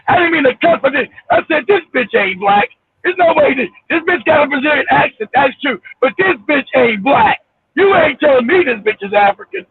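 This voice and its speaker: A man hosting a casual livestream from his car, ranting loudly and profanely, laughing and shouting as he tells a story. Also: very high-pitched. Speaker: show host. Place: car, driving. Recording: tinny phone line with faint hiss.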